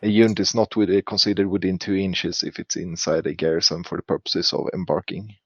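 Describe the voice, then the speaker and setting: Lowish man, hesitant, on a dull line. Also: little pitch movement, a little fast, breathy edge, dry recording. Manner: hesitant, full of fillers and laughs. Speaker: podcast co-host or guest. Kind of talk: casual podcast chat.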